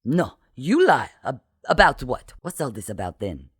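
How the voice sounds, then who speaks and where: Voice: medium pitch, very animated, a little slow, breathy edge, dry recording, studio quality. Defiant British pirate captain, blustering and demanding, played by the narrator.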